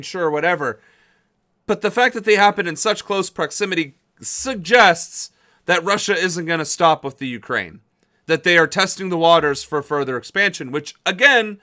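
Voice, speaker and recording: A man's voice: high voice, pushed and bright. A young man streaming casual political commentary, blunt and exasperated, swearing often.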